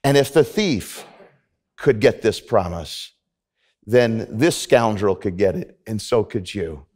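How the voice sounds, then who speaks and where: A man's voice: on the low side, animated, takes it slowly, darkish tone. A middle-aged man preaching a sermon at a church service, talking conversationally and then building to emphatic preaching. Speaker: pastor.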